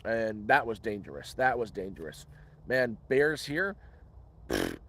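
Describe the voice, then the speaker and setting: A man's voice: lowish voice, sing-song, a little slow, vocal fry, a bit bright. A man hosting a casual live question-and-answer stream outdoors in the woods, rambling and restarting words. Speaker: livestream host.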